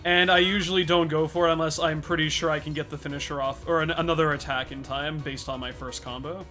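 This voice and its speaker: A man's voice: a little high, steady tone, fast talker, sharp tone, soft background music. A young man streaming a speedrun, chatting casually as he thanks viewers and explains his game tactics. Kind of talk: casual livestream chat while speedrunning.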